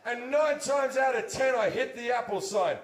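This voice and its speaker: A man in his thirties doing crude, swearing stand-up storytelling on stage, bursting into loud stretches. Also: very high voice, normal speed. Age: 30s. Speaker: stand-up comedian. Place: comedy stage before an audience. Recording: echoey stage recording.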